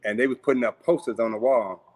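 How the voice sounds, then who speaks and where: A man's voice: medium pitch, fast, darkish tone. A man from St. Louis telling a personal story in a conversational way, acting out the voices of people he quotes and using frequent fillers. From St. Louis, USA. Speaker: guest storyteller.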